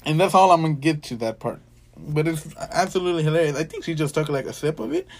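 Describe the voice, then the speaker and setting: A man's voice: a little high, expressive, fast. A young man hosting a casual podcast, rambling through stories, swearing freely and acting out what people said. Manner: rambling storyteller, swears freely, acts out quotes. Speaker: podcast host. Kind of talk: casual chat.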